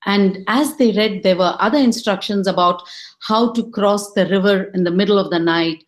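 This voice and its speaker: A middle-aged woman telling a folk tale to listeners, expressive and rising high when she quotes her characters. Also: normal speed. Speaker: storyteller. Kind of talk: storytelling.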